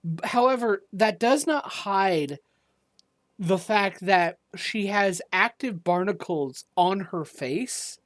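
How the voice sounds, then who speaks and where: A woman game master narrates slowly, taking her time over each detail. Her pitch moves a lot as she describes, and the recording is close and dry. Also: no echo. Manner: measured, descriptive, lively pitch.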